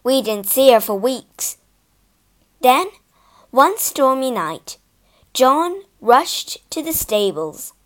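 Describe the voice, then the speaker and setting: A woman narrating a children's storybook in an animated, dramatic reading. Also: high voice, slow pace, pauses often.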